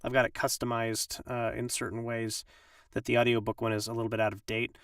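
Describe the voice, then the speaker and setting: A man's voice: mid-range voice, flat delivery, fairly quick, a bit bright, clear, resonant tone, dry recording, far from the mic. Rambling man, dry, slightly off-mic. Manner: rambling, with many ums and restarts. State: slightly under the weather. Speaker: voice actor and audiobook narrator. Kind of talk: casual live-stream tutorial.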